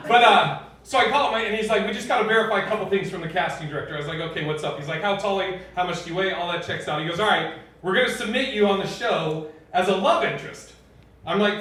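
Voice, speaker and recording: High-voiced profane stand-up comic in an echoey club. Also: male voice. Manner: laughing through punchlines, profane. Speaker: stand-up comedian. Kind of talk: stand-up set. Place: comedy club stage. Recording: echoey club mic from far off, loud room noise.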